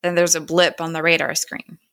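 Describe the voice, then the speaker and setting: A woman chats through a TV episode recap scene by scene, quoting the lines as she goes. Her voice sits fairly low but sounds bright and crisp. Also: completely flat delivery, fairly quick. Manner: chatty retelling with quoted dialogue.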